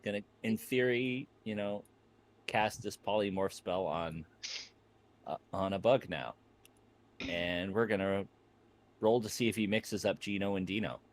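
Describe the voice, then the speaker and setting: A man's voice: fairly low pitch, a little slow, long pauses. A man playing in a tabletop game, laid-back and chuckling through what his character does. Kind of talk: tabletop role-play chat.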